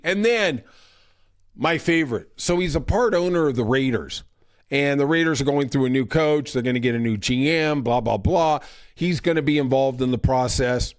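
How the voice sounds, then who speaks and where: A man hosting a podcast, delivering a sarcastic, ranting monologue with mocking impressions. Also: a little high. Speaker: podcast host. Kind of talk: casual opinion monologue.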